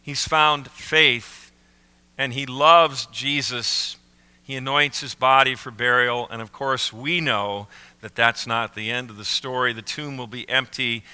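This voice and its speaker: A man preaching a sermon as pastor, slowing down and leaning on key words. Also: medium pitch, sharp tone, clean tone. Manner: slow emphatic phrasing with pauses on key words. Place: church sanctuary. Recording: reverberant church sanctuary.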